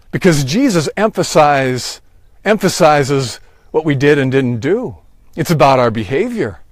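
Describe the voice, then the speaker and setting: A man giving a sermon, slow and deliberate, rising on emphatic phrases. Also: fairly high pitch, no room sound, clean studio sound. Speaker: pastor.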